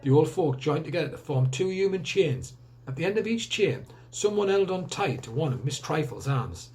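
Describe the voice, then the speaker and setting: A male teacher reading a children's book aloud with expressive storytelling. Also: fairly high pitch, moderate pace.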